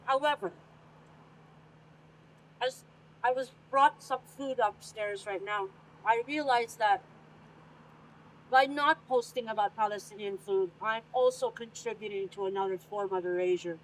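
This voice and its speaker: A woman's voice: mid-range voice, a little slow, long pauses, slight background noise, poor audio. A woman hosting an interview, speaking candidly and earnestly, sometimes while eating. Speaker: interview host. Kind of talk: casual conversational interview. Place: restaurant dining room, indoors.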